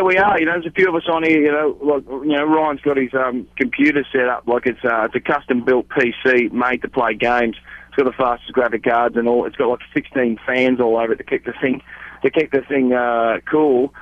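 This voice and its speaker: A man's voice: mid-range voice, fairly even intonation, fairly quick, dry recording, dull audio. A man, a touring musician, chatting casually in a radio interview, rambling with lots of fillers and laughs. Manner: rambling, laid-back, laughs often. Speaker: guest musician.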